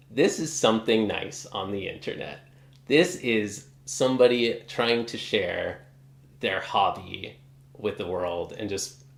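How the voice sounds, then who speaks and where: A man's voice: fairly low pitch, gravelly, fairly bright tone, roomy sound. A man ranting casually in a vlog, exasperated and swearing often. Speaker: guitar hobbyist vlogger.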